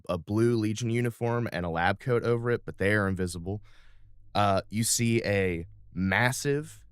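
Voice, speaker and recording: A man's voice: on the low side, clean tone, no echo. A man narrating a tabletop game as game master, describing the scene in a loose, improvised way.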